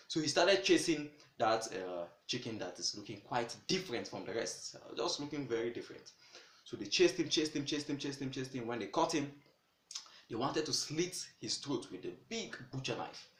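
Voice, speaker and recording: Animated male storyteller in an echoey room. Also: medium pitch, normal speed. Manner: animated, exclamatory, chatty asides. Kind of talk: casual storytelling.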